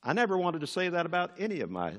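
Older guy preaching, fairly high voice, swings up and down a lot, long church echo. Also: big pitch swings, very fast. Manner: emphatic preaching, rising on key words. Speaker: pastor. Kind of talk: sermon.

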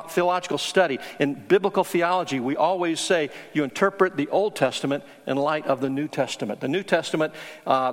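A man's voice: fairly high pitch, big-room sound. A man preaching a teaching sermon, earnest and emphatic on key words. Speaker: pastor.

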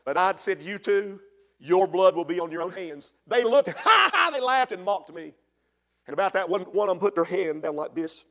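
An older male preacher with a very high voice delivers a fiery revival sermon. He tells stories quietly, then climbs into shouted, rhythmic lists of praise. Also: animated, normal speed. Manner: storytelling that builds to shouted, chanted preaching.

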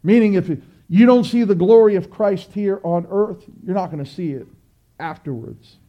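A man's voice: high-pitched, moderate pace, dark tone, lo-fi sound. A man preaching a sermon, earnest and exhorting, building through repeated phrases.

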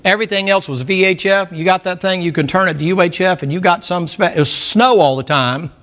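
Folksy middle-aged preacher, a man with a slightly high voice, homespun jokes in a sermon. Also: fairly quick, a bit bright. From American mountain region. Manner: folksy, storytelling, humorous asides. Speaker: pastor.

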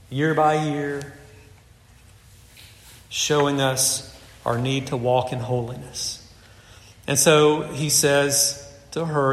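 Slow, earnest preacher man in an echoey hall. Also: fairly high pitch. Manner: earnest, measured, drops to soft emphasis. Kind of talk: sermon.

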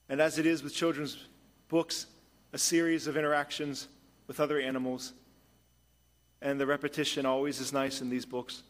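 A man preaching a sermon as pastor, moving between hushed storytelling and emphatic points. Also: medium pitch.

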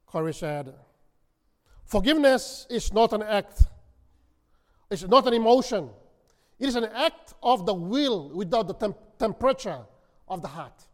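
A man preaching a sermon, telling a story dramatically and swinging from loud to hushed. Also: high-pitched, very animated, measured pace, pauses often. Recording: long reverb of a hall.

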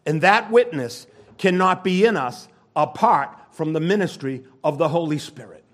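An older man preaching a sermon, earnest and emphatic, rising to urgent exhortation and dropping to quiet asides. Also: a little high, lively intonation, normal speed. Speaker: pastor.

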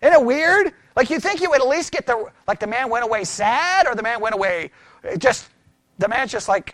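A man teaching scripture in a conversational sermon, animated and full of rhetorical questions. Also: extremely high pitch, moderate pace, dry recording, clean studio sound. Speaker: pastor teaching.

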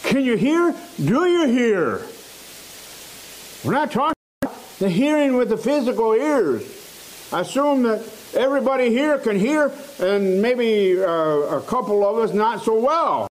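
A man preaching a sermon in a church, slow and emphatic, repeating phrases for stress. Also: extremely high pitch, sing-song, low-quality recording.

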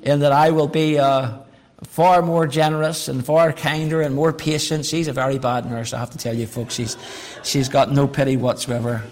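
A middle-aged man preaching a sermon in a folksy, humorous way, dropping to quiet asides and rising to emphatic calls. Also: mid-range voice, level tone, normal speed. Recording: long reverb of a large hall.

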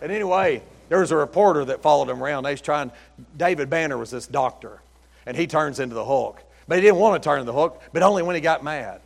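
Pastor guy preaching, folksy stories then loud emphatic bursts, highish voice. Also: fast talker, creaky, in a large hall. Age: middle-aged. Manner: folksy storytelling, rising to loud emphatic peaks. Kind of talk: sermon. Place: church sanctuary.

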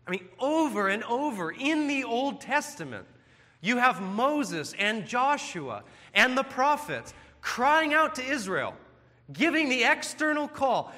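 A man's voice: very high-pitched, sing-song, unhurried, pushed and bright. A man preaching a sermon in an earnest, emphatic way, pleading at times. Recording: long hall reverb.

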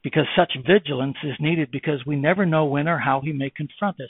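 A man preaching a sermon, moving from slow, hushed words to loud, fervent exhortation. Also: on the high side, slightly rough, no echo. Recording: tinny phone-like, dry.

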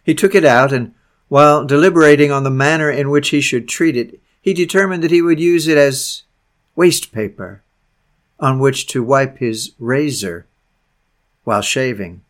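A man reading an old sermon aloud with passion, swinging between loud emphasis and hushed tones. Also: mid-range voice, moderate pace. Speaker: sermon reader.

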